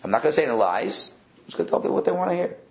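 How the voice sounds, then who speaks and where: A man, a rabbi, teaching a Torah class in a wry, animated way, sprinkling in Hebrew and Yiddish words. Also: a little high, racing, creaky.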